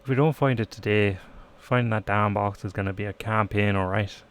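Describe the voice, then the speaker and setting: A man reading the lines of a blunt, teasing teenage girl in a flat, offhand way. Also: fairly low pitch, fairly quick, slight background noise, close to an everyday voice. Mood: grumbling.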